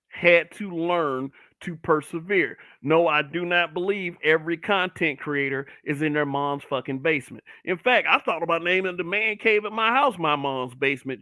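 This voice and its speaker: A man's voice: on the high side, sharp tone, dry recording. A middle-aged man hosting his own online broadcast, ranting bluntly and with heavy profanity. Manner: profane, blunt ranting with mocking put-on voices. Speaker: online talk show host. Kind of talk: brutally honest solo commentary broadcast.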